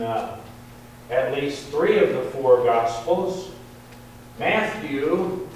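A man preaching a sermon, slow and deliberate, lifting his voice on quoted verses. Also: mid-range voice, darkish tone. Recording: very echoey hall, distant mic, faint hum.

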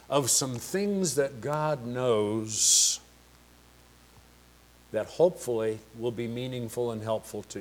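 Male pastor, sermon, unhurried delivery, emphatic, rhetorical questions. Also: fairly high pitch.

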